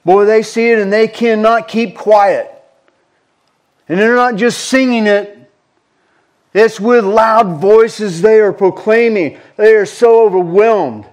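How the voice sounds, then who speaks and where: Fervent high-voiced preacher, unhurried. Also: male voice. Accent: Southern US. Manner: fervent, repeats words for emphasis. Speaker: pastor. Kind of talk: sermon.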